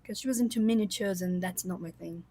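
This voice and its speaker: A woman host chatting casually with her viewers on a livestream, rambling warmly with many fillers and little laughs. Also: on the low side, quick pace, breathy edge. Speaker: coloring channel host.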